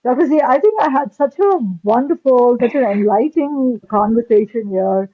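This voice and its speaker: A woman's voice: fairly high pitch, expressive, normal speed, slightly rough, dry recording, dull audio. A woman hosting an interview podcast, chatty and telling stories with fillers. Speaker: podcast host, cardiologist.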